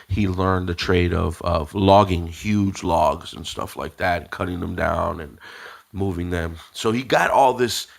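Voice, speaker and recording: A man co-hosts a podcast and tells a long story in a loose, rambling way, full of fillers and restarts. His voice sits a bit low and has a gravelly edge. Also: measured pace. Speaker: podcast co-host. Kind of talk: casual storytelling chat.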